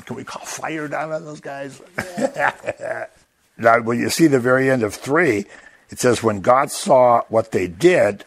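A man teaching an informal Bible study in a relaxed, talkative way. His pitch swings widely as he acts out the quotes he tells, and he chuckles often along the way. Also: husky. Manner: animated, acts out quoted lines in raised voices, chuckles often.

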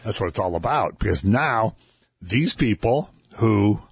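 A man chatting casually about scripture on a talk show, relaxed and chuckling as he tells stories. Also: fairly low pitch, a little slow, slightly rough, no echo, clean studio sound. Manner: conversational, chuckling, relaxed storytelling. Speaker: co-host discussing scripture. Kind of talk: casual Bible discussion.

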